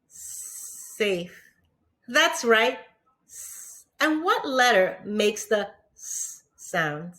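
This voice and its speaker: A woman teacher with a New York accent giving a patient lesson to young children, pausing for answers and praising them often. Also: a little high, big pitch swings, pushed and bright. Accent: New York English. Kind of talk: slow, encouraging classroom lesson for young children.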